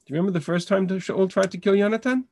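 Racing along in a high, slightly mellow voice, a man leads an online text study, reading Hebrew Bible verses aloud over video call and translating them with frequent restarts.

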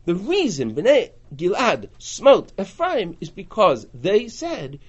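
A man with a high, very lively voice lectures to a class. He swings widely in pitch and loudness, and he acts out the lines of the people he quotes. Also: slow, few pauses, breathy edge, muffled recording. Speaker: teacher. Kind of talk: lecture on a biblical book.

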